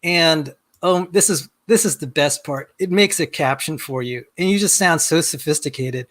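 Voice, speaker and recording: A middle-aged man walking through a software demo on a video call, rambling and self-deprecating, often repeating words as he starts a sentence. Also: on the high side, moderate pace, few pauses. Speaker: guest. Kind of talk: casual screen-share demo chat.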